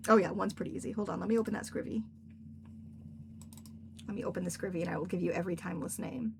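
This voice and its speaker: A woman's voice: fairly low pitch, steady tone, fast, creaky, noisy background. A young adult woman hosting a casual livestream as an author, chatting with a friend and filling her talk with "like". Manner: chatty, lots of filler "like". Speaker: author and stream host.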